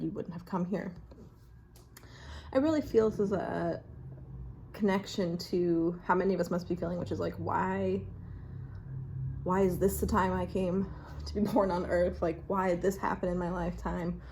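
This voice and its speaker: A woman chatting casually and reflectively in her bathroom while drawing oracle cards, often dropping to a hushed voice. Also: lowish voice, gravelly, slight background noise. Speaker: vlogger reading oracle cards. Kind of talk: casual rambling chat. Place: home bathroom.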